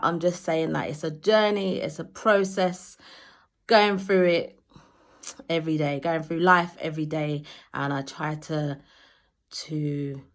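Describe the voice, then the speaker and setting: A woman poet talking earnestly and openly emotionally to camera, restarting and correcting herself as she goes. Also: fairly low pitch. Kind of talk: personal talk to camera.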